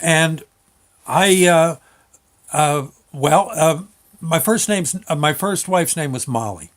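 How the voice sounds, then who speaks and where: An older man telling a personal memory in a casual, halting way, with many restarts and an amused tone. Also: on the high side. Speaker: storyteller recalling a memory. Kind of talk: casual spoken recollection.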